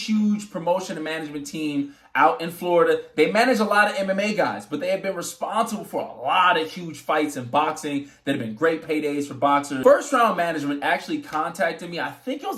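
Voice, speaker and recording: Animated young boxer telling his story. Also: on the high side. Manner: animated, swearing, acts out quotes. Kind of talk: casual storytelling vlog. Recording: echoey room.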